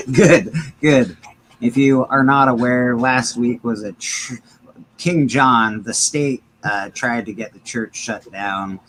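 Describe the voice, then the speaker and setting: A man's voice: medium pitch, slow pace, fairly bright tone, a little hiss or hum, rough recording. A man hosting a live stream, chatting in an easygoing, joking way. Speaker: host of a live comics stream. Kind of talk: casual chat.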